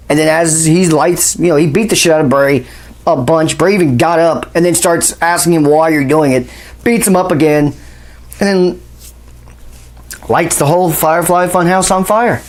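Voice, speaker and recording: A man's voice: fairly high pitch, a little mellow. Exasperated profane man ranting. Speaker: wrestling commentary host. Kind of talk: casual ranting recap.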